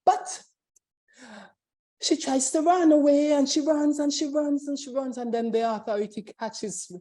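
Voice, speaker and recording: Woman doing a webinar talk, storytelling style, kinda high voice, mellow. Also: unhurried. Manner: expressive, repetitive storytelling. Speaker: webinar speaker.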